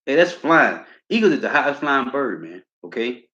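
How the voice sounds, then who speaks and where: Man, preacher reading scripture, slow emphatic verses, casual asides, roomy dull lo-fi recording. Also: mid-range voice, very animated, sharp tone. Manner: reads verses slowly and emphatically, tags lines with a casual filler. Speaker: scripture teacher.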